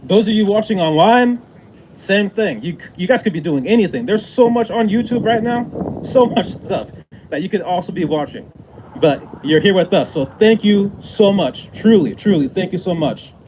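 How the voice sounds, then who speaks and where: A man's voice: high voice, lively intonation, normal speed, poor audio. A man hosting an outdoor protest, thanking the crowd and introducing speakers, often repeating himself. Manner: warm, repeats words, restarts often. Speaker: event host. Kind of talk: casual emcee remarks. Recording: faint outdoor noise.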